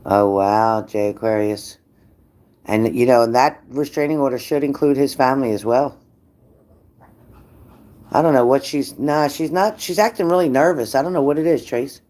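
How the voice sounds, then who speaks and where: A psychic reader giving an unhurried spirit-message reading who repeats phrases and trails off mid-sentence. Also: mid-range voice. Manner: breaks off to scold a dog loudly.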